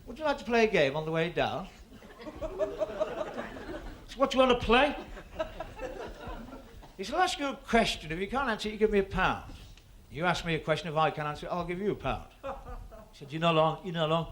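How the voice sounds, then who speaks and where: Male comic storyteller, high bright lively voice, rambling patter. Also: quick pace. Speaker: stand-up comedian. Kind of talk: stand-up joke telling to a live audience.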